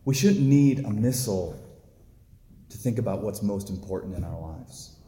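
A man's voice: lowish voice, expressive, moderate pace, dark tone. Man preaching casually in an echoey room. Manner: conversational, storytelling with filler words. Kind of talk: casual sermon.

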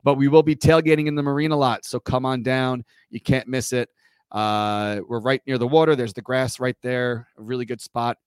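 A man's voice: mid-range voice, fairly even intonation, normal speed, clear, resonant tone, no room sound, clean studio sound. Chatty New man hosting a podcast. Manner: chatty, rambling with fillers and self-corrections. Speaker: podcast host. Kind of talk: casual chat.

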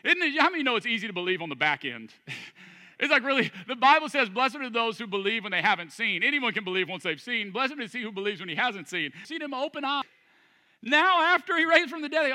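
A man's voice: extremely high pitch, quick pace, big-room sound. A man pastor preaching a sermon in a church room before a congregation, praying, reading scripture and joking as he goes. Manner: animated, jokey preaching with prayer and scripture reading.

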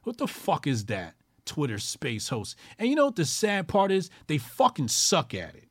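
A man's voice: high voice, wildly swooping pitch, normal speed, fairly bright tone, no room sound, studio quality. Foul-mouthed man ranting on his show. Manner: crude, swears constantly, mocking; emphatic, repeats lines for effect. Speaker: commentary show host. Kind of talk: profane ranting commentary.

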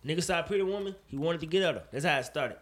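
A man co-hosting a casual chat show, talking in an animated, profane way and pressing his point with rising emphasis. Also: fairly high pitch, very fast. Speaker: podcast co-host.

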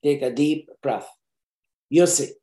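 Here a warm, mid-range voice takes its time, as an earnest presenter gives relaxed, unscripted job-interview advice straight to camera. Important points get repeated for emphasis, sentences often start over, and the audio carries a roomy echo.

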